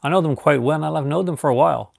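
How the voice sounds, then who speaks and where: A man's voice: fairly high pitch, fast, vocal fry, no room sound, studio quality. A man from Newfoundland, Canada, chatting casually on a live stream and rambling through restarts and fillers.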